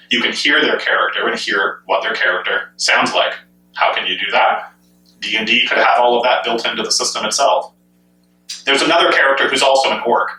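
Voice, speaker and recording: Man, very bright tense voice, eager rhetorical questions, echoey room, mic set back. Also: mid-range voice, far from the mic. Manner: enthusiastic, asks many rhetorical questions. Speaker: gaming commentator. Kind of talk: speculative solo commentary.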